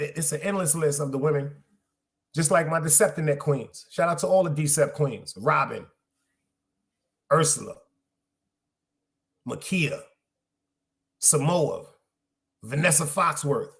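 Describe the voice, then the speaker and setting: A middle-aged man, hosting a podcast in loose, streetwise solo chat, repeating phrases for emphasis. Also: fairly high pitch. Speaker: podcast host. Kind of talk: casual solo livestream chat.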